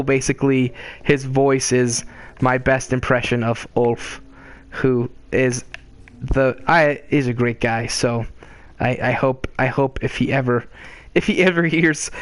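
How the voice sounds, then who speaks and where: A man game master chatting casually while answering live questions, rambling with many restarts and quick chuckles. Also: mid-range voice, clean tone.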